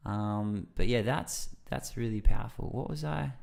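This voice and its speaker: A man's voice: on the low side, moderate pace, gravelly. A man guesting on a podcast, telling stories in a loose, rambling way with lots of fillers, and acting out his own reactions. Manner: lively storyteller who acts out his own reactions. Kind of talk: casual conversational storytelling.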